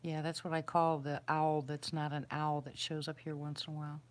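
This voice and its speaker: A woman's voice: low-pitched, flat delivery, brisk. A middle-aged woman in casual live-stream chat outdoors at night, rambling as she answers her viewers' questions. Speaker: livestream host answering viewers.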